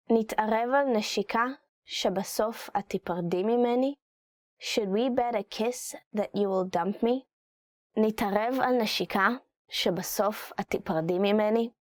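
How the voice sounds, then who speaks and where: A woman's voice: on the high side, dry recording, studio quality. Chatty woman teaching phrases. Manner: chatty, giggly, many "like" fillers; reads Hebrew lines quickly, then translates. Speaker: language teacher. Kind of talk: casual lesson reading Hebrew phrases with commentary.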